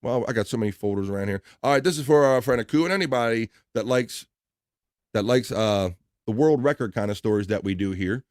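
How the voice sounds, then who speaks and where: A middle-aged man hosts a livestream, rambling loosely, filling his talk with fillers, and reading out viewer comments. His voice is lowish and darkish, and he talks briskly. The recording is clean studio sound with no room echo.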